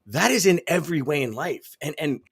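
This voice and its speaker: A man's voice: a little high, animated, fairly quick, breathy edge. A man co-hosting a live sales show, reading viewer comments aloud and cheering them on with enthusiasm. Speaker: podcast co-host.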